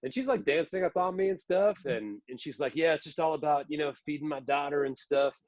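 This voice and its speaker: A man's voice: on the high side, fairly quick, no echo. Comedian man, dull and dry. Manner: filler-heavy, animated, profane. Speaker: comedian guest. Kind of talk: casual podcast chat. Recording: slightly dull sound.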